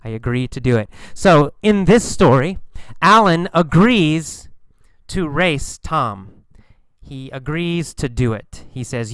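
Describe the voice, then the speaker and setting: Guy teaching english slang, real slow and patient, repeats stuff a lot, smooth voice, dry sound. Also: mid-range voice, lively intonation, dry recording. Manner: acts out lines and engine sounds with bursts of volume. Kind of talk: vocabulary lesson explaining slang.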